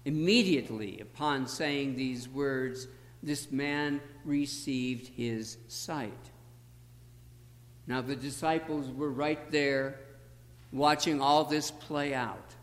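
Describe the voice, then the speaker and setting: A man preaching a sermon as a pastor, slow and deliberate, with emphatic pauses. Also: mid-range voice, in a large hall.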